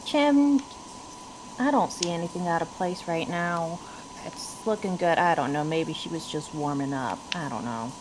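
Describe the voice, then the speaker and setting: A woman's voice: low-pitched, normal speed, background noise. Wry, joking woman player. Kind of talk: in-character tabletop role-play.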